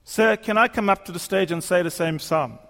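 A man voicing a confident young entertainer who speaks quickly, in a reverberant hall. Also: high-pitched, a bit bright. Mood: curious.

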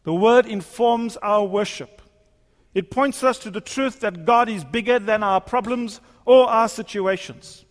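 A male preacher delivering a sermon in a church, using rhetorical repetition and emphatic pauses. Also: high voice. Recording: long hall reverb.

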